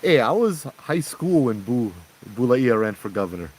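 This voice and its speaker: Speaking with a Hawaiian accent, this young livestream host chats jokingly outdoors at night and reads out comments from his viewers. He has a medium-pitched, darkish voice, very animated at a moderate pace, captured in a rough recording.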